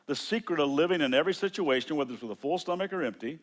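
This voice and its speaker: A man's voice: fairly high pitch, animated. A middle-aged American man preaching a sermon in a loose, conversational way, often restarting his words as he tells a story. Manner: conversational, halting with frequent restarts. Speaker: pastor.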